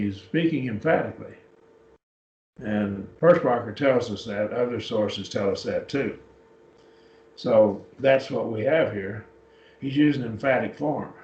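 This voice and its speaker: A man teaching a Bible class, explaining Greek word forms step by step as he works a computer. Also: mid-range voice. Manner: unhurried, explains step by step while working a computer. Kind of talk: classroom lecture on Greek words. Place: church classroom. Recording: echoey room, distant mic, dull lo-fi.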